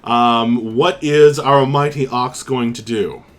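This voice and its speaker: A man's voice: medium pitch, fairly even intonation, takes it slowly. A man running a live-streamed tabletop game as game master, narrating vividly with frequent fillers.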